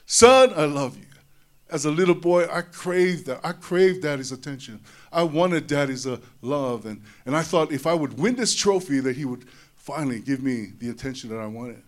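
A man giving a personal testimony to an audience. He talks in an animated way, repeats his words, and drops low and soft in tender moments. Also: normal speed. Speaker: speaker sharing a personal testimony. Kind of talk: emotional storytelling speech.

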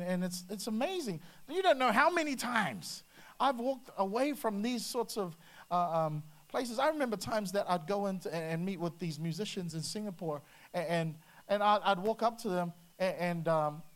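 Preacher, conversational sermon, energetic, frequent restarts. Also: mid-range voice, brisk. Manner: lively, slips into acted quotes, many restarts.

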